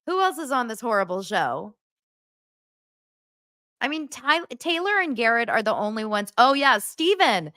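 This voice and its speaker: Animated woman podcast host, dry close sound. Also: a little slow, long pauses, dry recording. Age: 40s. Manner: animated, acts out quotes in a higher voice, laughs often. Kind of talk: casual pop-culture recap chat.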